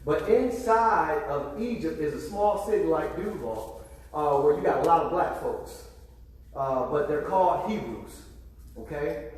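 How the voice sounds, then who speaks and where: This pastor's voice sits on the high side, animated and unhurried with a darkish tone, heard from a distance in an echoey sanctuary hall. Preaching to his congregation, he restarts often with repeated words and calls for responses.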